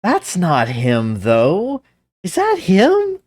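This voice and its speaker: A man's voice: high-pitched, huge pitch swings, extremely slow, darkish tone, dry recording, clean studio sound. A man chatting casually, laughing and thinking aloud while he reacts to a show. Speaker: reaction video host. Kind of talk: casual commentary while watching.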